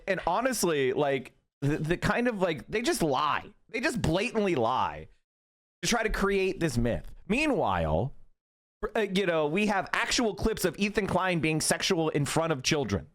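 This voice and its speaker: Male streamer host, heated profane rant, high-ish and very animated. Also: normal speed. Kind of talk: live-stream commentary.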